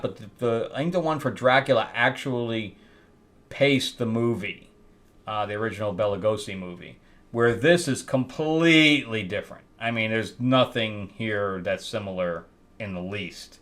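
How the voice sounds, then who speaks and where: A man's voice: lowish voice, normal speed, fairly bright tone. A man hosting a casual comic book review, rambling and exasperated, with laughing asides. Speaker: host.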